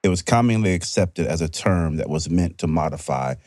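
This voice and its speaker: Deep-voiced male podcast host. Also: fairly quick, darkish tone, no echo. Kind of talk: casual podcast discussion.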